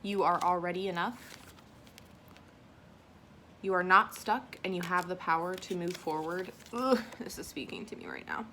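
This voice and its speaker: At home, a woman vlogs an unboxing and reads affirmation cards, sounding emotional, self-conscious, and a bit teary from crying, soft and tearful at times. Her fairly low voice is sing-song, at normal speed with long pauses, over a little hiss or hum.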